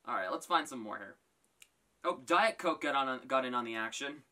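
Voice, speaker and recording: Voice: mid-range voice, lively intonation, moderate pace, bright, forceful tone. A YouTuber hosting a casual reaction vlog, reading tweets aloud and reacting with frequent exclamations. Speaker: YouTuber host.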